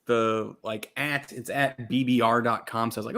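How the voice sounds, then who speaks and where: A man, a distillery co-founder from Texas, casually telling an animated story and acting out other people's lines. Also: mid-range voice, moderate pace. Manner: animated, quotes others in lively voices.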